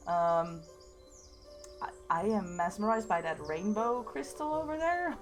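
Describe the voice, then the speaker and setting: A young woman giving giggly, chatty let's-play commentary on a game, often laughing at herself. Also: medium pitch. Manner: giggly, chatty, self-mocking. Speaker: gaming video host.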